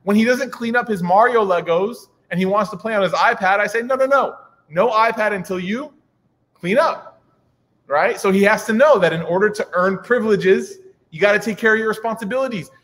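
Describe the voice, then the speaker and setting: A man's voice: sits high, quick pace, fairly bright tone. A man in his thirties giving a humorous religious talk to an audience, chatty, with joking asides and many fillers. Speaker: preacher. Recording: reverberant hall.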